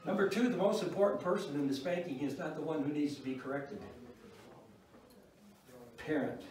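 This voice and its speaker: A man's voice: on the high side, normal speed, darkish tone. Older man teaching in an echoey hall. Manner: folksy, wry, chuckles at his own stories. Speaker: Bible class teacher on parenting. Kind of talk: informal church class talk. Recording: echoey room, mic far off.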